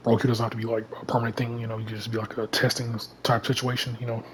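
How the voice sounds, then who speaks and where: A man's voice: mid-range voice, flat delivery, racing, crowd noise, poor audio. A man talking casually to his viewers about a video game, rambling and filling his talk with "you know" and "like". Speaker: gaming YouTuber. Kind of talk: casual vlog commentary.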